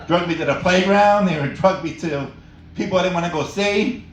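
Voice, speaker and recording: A man's voice: high voice, moderate pace, slight background noise. Rambling man doing stand-up in an echoey cafe. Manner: rambling, laughs at his own jokes. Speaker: stand-up comedian. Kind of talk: stand-up comedy set. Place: small cafe stage with live audience. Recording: echoey room, mic from far off.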